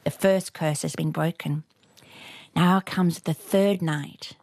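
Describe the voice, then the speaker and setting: A woman retelling a folktale aloud in a lively, rhythmic way, with a husky voice. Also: low-pitched, slow, no echo. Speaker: storyteller. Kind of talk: oral folktale telling.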